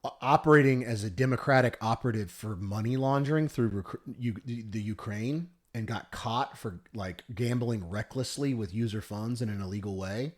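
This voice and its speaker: A young man co-hosting a podcast chats casually, his voice fairly low and his pace normal with hardly any pauses. He tells stories in a rambling way, often correcting himself.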